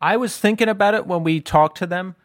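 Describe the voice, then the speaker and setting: Teasing, slightly high-voiced podcast host. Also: male voice, a little fast, no room sound, clean studio sound. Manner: teasing, joking, swears freely. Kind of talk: casual podcast chat.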